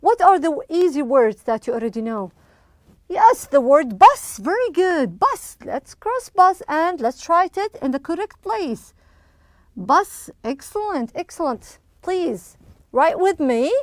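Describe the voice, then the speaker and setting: A woman teaching English to young children in an online lesson, slow and encouraging, with frequent praise. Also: high-pitched, very animated, dry recording, clean studio sound.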